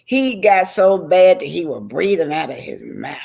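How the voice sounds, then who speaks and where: A man's voice: a little high, big pitch swings, normal speed, gravelly, darkish tone. A man hosting reaction commentary, emphatic and heated, often repeating himself and stumbling over words. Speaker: commentary host. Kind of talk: reaction commentary on video clips.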